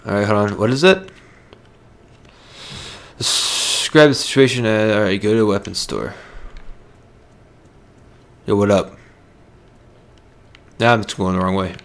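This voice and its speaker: A man's voice: fairly low pitch, measured pace, long pauses, fairly bright tone. A man hosting a let's play, making casual joking asides as he plays. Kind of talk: casual gameplay commentary.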